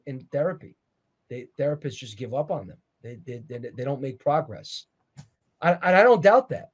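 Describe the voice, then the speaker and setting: A man's voice: fairly high pitch, darkish tone. A man speaking as an interview guest and author, explaining in an earnest, preacherly way. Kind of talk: conversational interview.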